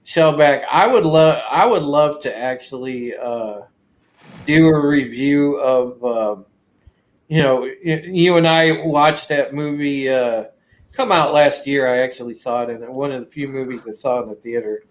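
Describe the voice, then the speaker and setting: Male host, mid-pitched, rambling casual delivery with plenty of "uh"s. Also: measured pace. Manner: rambling, many fillers and restarts. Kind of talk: casual chat.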